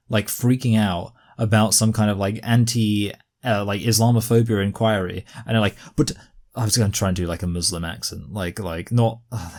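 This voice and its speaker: A man's voice: fairly low pitch, a little mellow. A young man giving casual reaction commentary, rambling with many fillers and getting exasperated.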